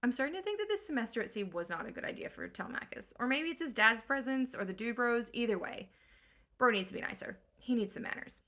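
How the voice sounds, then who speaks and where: A woman's voice: on the high side, animated, fast, pushed and bright. A woman recapping an old story for comedy in slangy, sarcastic valley-girl speech. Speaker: host.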